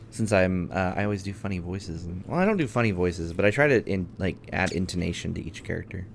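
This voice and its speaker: Laid-back, chatty male game streamer, low and gravelly. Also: lively intonation, brisk, slight background noise. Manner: easygoing, chatty, hums to himself. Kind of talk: casual gameplay chat. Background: music.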